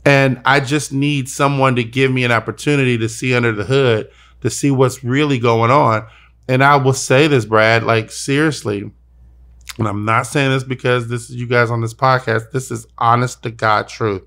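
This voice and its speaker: Earnest young male podcast host, heartfelt, self-interrupting, mid-pitched. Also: steady tone, moderate pace, fairly bright tone. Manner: earnest, repeats himself when moved. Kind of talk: emotional personal conversation.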